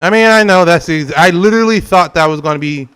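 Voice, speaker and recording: A man's voice: a little high, fast, fairly bright tone, smooth. A young adult man streaming gameplay, chatting casually with viewers, joking and laughing often. He is from California. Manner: laughing often, joking, acts out silly quotes. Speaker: gaming streamer.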